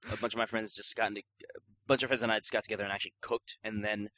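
A man's voice: fairly low pitch, level tone, rapid-fire, pushed and bright, dry recording. A man hosting a gaming podcast in casual chat, joking and rambling with lots of filler words. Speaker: podcast host.

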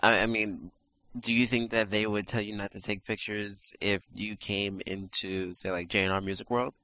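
A man's voice: fairly low pitch, little pitch movement, moderate pace, bright, forceful tone, no room sound. A man co-hosting a podcast, chiming in with short questions in casual chat. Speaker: podcast co-host.

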